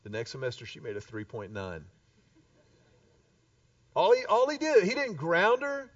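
A man preaching a sermon, an animated storyteller who acts out the voices of the people in his stories. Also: on the high side, moderate pace. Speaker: pastor. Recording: distant dull live recording.

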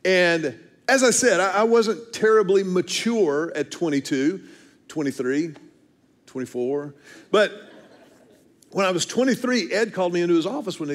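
A man's voice: high voice, animated, moderate pace. A man, preaching a storytelling sermon with earnest, self-deprecating humor and frequent restarts. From Texas, USA. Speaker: pastor.

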